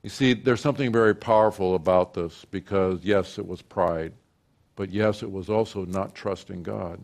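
A male pastor preaching a sermon, swinging from quiet reflective talk to loud, high, animated passages where he acts out imagined prayers. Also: moderate pace, creaky.

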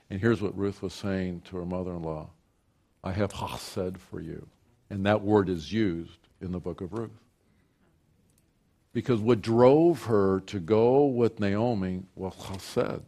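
An older man, a grandfather, preaching a sermon, moving from loud declarations to hushed, folksy storytelling. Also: low voice, takes it slowly. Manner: folksy, repeats and restarts phrases. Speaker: pastor.

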